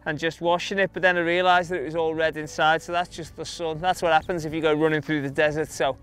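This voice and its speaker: He talks fast, this young English runner with a fairly high, slightly bright and smooth voice that keeps a level tone. Being interviewed, he casually shares anecdotes from his run in an English accent, loaded with fillers.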